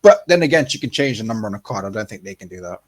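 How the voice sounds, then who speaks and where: A man's voice: on the low side, racing. Rambling man chatting casually. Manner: rambling, animated, swears freely, frequent restarts. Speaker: podcast co-host. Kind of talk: casual chat.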